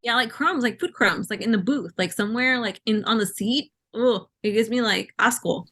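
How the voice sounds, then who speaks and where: A woman's voice: on the high side, normal speed, pushed and bright. A woman co-hosting a podcast in casual chat, talkative and peppering her talk with "like". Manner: chatty, many "like" fillers. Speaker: podcast co-host.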